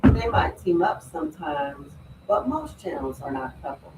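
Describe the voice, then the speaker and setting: A woman co-hosting a casual live stream, making wry, quick asides to her partner. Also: deep voice, very animated, roomy sound, heavy background noise. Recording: voice a little distant from the mic.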